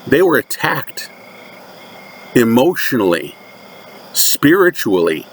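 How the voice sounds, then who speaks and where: A man from the United States, a religious commentator, delivers a sermon-like monologue with slow, deliberate and emphatic repetition. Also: mid-range voice, big pitch swings, slight background noise.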